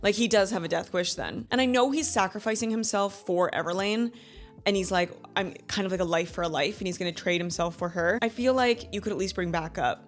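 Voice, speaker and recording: A woman in her thirties hosting a book club review in a chatty, animated way, laughing often and acting out quotes. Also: medium pitch, fairly quick, soft background music. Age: 30s. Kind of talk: casual book review chat.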